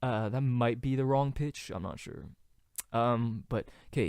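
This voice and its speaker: Slow, rambling young man podcasting. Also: a little mellow, clear, resonant tone, dry recording, clean studio sound. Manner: rambling and unhurried, with many fillers, trying out sung falsetto lines. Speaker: podcast host. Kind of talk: casual solo podcast talk.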